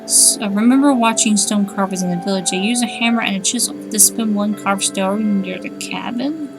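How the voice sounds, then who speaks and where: A woman's voice: medium pitch, brisk, music in the background. A woman streaming a game, chatting wryly, thinking aloud and reading on-screen text. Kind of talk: casual let's-play commentary.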